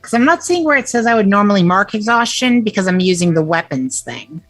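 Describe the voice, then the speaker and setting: A woman's voice: mid-range voice, lively intonation, a little fast, a bit bright, no echo, faint music behind. A woman player in a tabletop game, talking casually and chattily. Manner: chatty, laughs, swears.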